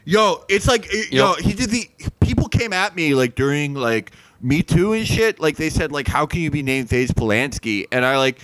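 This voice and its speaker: A man's voice: big pitch swings, moderate pace, few pauses, no room sound, rough recording. A man playing a crude, rambling influencer host. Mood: worked up. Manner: rambling, crude, gets louder and higher when worked up. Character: male clueless influencer host, mid-twenties, crude and self-absorbed. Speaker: podcast host. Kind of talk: improvised comedy podcast, deadpan parody.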